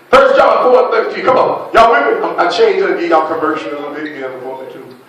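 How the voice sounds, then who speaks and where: A man preaching a lively sermon as pastor, calling out to the congregation and laughing between points. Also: a little high, moderate pace, very echoey, distant mic, dull audio. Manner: preaching with call-and-response and laughter.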